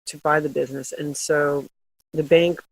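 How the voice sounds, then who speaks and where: A husky, slightly raspy middle-aged woman talks through her stories in a relaxed interview, laughing often as she goes. Her voice is close and dry, with no room around it. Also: low-pitched, moderate pace, no echo, low-quality recording. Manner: chatty storytelling, laughs often. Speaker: guest, glassware company founder. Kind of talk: casual interview chat.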